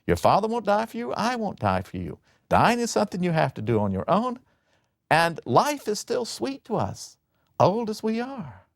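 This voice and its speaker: A man's voice: sits high, huge pitch swings, normal speed, gravelly, no echo, studio quality, pitched above the performer's own voice, heavily acted. A man voicing a very old mother who refuses her son firmly and plainly. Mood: firm refusal. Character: very old mother, gentle but firm.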